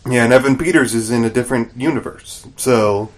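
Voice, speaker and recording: Speaking a little fast at medium pitch, a man helps host a podcast and casually runs through a TV episode. He brings the recap to life by acting out the characters' lines.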